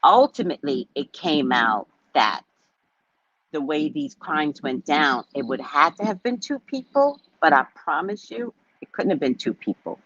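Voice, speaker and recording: A woman hosting a casual psychic livestream who tells stories in an animated, profane way. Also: deep voice, unhurried, no echo. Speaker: psychic reader and host. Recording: dull lo-fi sound.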